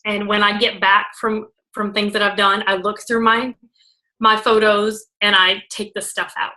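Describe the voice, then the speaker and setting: Bubbly, bright-voiced woman team leader. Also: medium pitch, flat delivery, normal speed, poor audio. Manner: bubbly, lots of fillers and "like"; self-described loud and out there. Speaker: network marketing team leader. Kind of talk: casual training talk.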